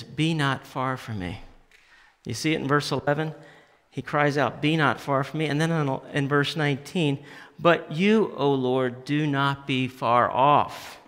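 Impassioned male preacher in a reverberant hall. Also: medium pitch. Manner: rises to impassioned shouting on key phrases; reads scripture aloud with feeling. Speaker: pastor. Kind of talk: sermon.

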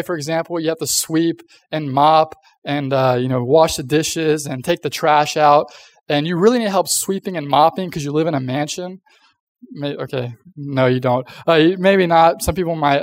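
A man's voice: on the high side, no echo. A young man giving a casual youth sermon, chatty and full of fillers, often acting out little voices. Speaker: youth pastor.

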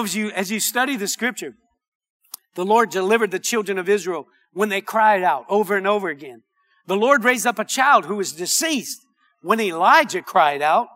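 A man preaching a sermon with passion, often rising to a shout and reading scripture aloud. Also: very high-pitched. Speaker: pastor.

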